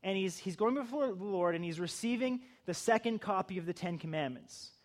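A man's voice: high voice, animated, brisk. A middle-aged male pastor giving a conversational sermon, building to emphatic bursts.

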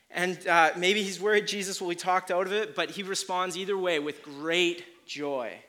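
A man preaches a sermon, retelling a story with lots of energy and acting out its quotes. His voice is bright and forward, pitched a little high for a man, and it keeps rising and falling in loudness as he presses his points. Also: normal speed, hardly any pauses. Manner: animated storytelling, acts out quotes with swings in loudness.

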